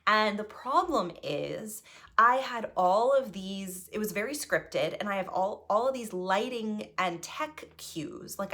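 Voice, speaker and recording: A woman who improvises and performs solo shows, telling a personal story in a chatty, animated way and often tagging thoughts with "right?". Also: medium pitch. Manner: chatty, keeps asking "right?" between thoughts; animated, voice jumps when reliving nerves.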